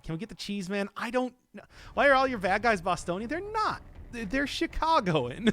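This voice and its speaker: A man's voice: very high voice, sing-song, moderate pace, long pauses, fairly bright tone. A man streaming a video game, chatting in a jokey, rambling way with his viewers. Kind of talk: casual gaming stream chat.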